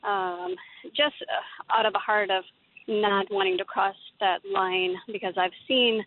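A woman's voice: medium pitch, a little slow, gravelly, slight background noise. A woman from Pakistan calling into a radio show, speaking hesitantly with many ums. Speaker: caller. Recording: tinny phone line.

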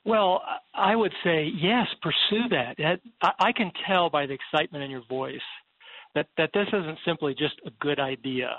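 A man with a fairly high voice gives earnest, preacherly advice to a caller. His voice comes through a thin, phone-like line, and the sound is dry. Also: normal speed, dry recording. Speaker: guest co-host, minister. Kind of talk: call-in radio talk show.

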